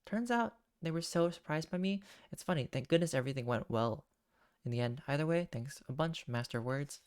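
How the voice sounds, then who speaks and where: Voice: medium pitch, lively intonation, a little fast, darkish tone, clean tone. A streamer casually chatting through a story game and poking fun at themselves while reading along. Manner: chatty, self-mocking, reads game text aloud with laughs. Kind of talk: casual gameplay commentary.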